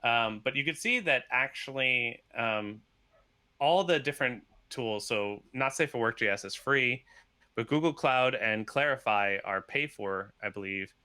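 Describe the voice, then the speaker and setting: A man, a software developer, chatting as a podcast guest over a video call, laughing often and talking in quick rambling bursts. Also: mid-range voice, no echo. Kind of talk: casual video-call chat.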